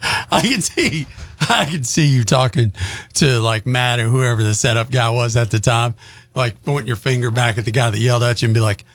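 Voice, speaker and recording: A man co-hosting a radio show in casual, teasing banter, with a raspy voice. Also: medium pitch, normal speed, fairly bright tone, no echo. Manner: teasing, playful.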